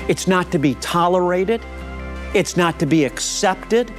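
A man's voice: high-pitched, lively intonation, unhurried, faint music behind. A man preaching a fervent sermon, leading listeners in bold declarations of prayer and calling them beloved. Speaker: rabbi preaching.

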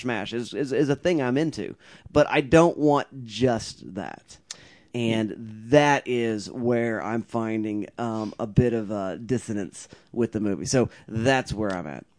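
A man's voice: mid-range voice, a little slow. A man co-hosting a movie podcast, giving a hedging, thoughtful opinion in casual chat. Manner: thoughtful, hedging, self-aware. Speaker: podcast co-host.

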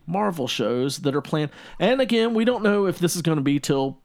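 A man's voice: fairly high pitch, animated, normal speed, few pauses. Chatty man co-hosting a podcast. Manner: rambling, upbeat, counts things out loud. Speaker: podcast co-host. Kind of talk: casual chat.

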